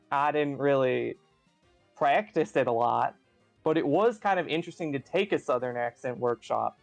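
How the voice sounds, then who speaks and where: A man's voice: mid-range voice, no echo. An American man chatting casually while playing a game online, rambling and often restarting his sentences. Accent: General American. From United States. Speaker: co-streamer. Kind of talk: casual gaming chat.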